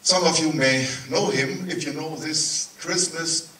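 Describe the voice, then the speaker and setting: A man's voice: fairly high pitch, a little slow, noisy background. A man with a German accent giving a chatty, digressive live introduction to a film screening for a festival audience. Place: large cinema auditorium. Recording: roomy hall sound from far off.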